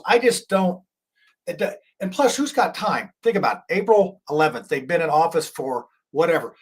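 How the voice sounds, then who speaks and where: Male host, fired-up rambling commentary, somewhat high voice. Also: slightly rough. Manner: indignant, rambling, restarts often. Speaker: talk show host. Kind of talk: political commentary.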